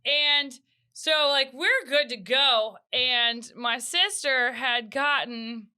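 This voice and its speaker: A woman in her thirties co-hosting a casual podcast, telling a family story with animated voices. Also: high-pitched, slow, clean tone. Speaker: podcast co-host. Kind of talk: casual chat.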